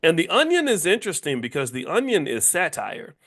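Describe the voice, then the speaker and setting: A man's voice: fairly high pitch, huge pitch swings, fairly quick, a bit bright. A man in his fifties giving a casual, emphatic lecture as a finance educator, repeating key points and firing off rhetorical questions at his audience.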